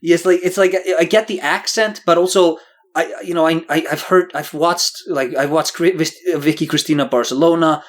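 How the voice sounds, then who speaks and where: Higher-voiced man, animated podcast co-host. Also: brisk. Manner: animated, joking critical opinions. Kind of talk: casual podcast discussion.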